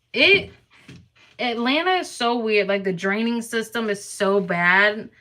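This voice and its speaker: A woman's voice: medium pitch, measured pace, bright, forceful tone. A young woman from Florida chatting casually with her viewers and greeting people in the chat. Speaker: vlogger. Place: near Atlanta.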